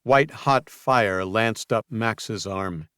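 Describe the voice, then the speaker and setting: A man narrating a thriller audiobook in a measured, tense delivery. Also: lowish voice, fairly bright tone, clean tone, no echo, clean studio sound.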